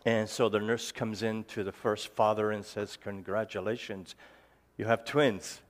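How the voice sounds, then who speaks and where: A man's voice: lowish voice, level tone. A man giving a personal talk to a live audience, telling jokes and stories in a hesitant, slightly slurred way, with many restarts and fillers. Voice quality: slightly slurred, halting speech. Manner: jokey storytelling. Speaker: ministry founder giving a talk.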